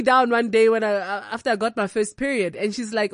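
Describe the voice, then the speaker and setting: A young South African woman telling candid, comic stories from her own life, animated and unfiltered. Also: a little high, quick pace, few pauses, no echo, clean studio sound. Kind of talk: comic personal storytelling.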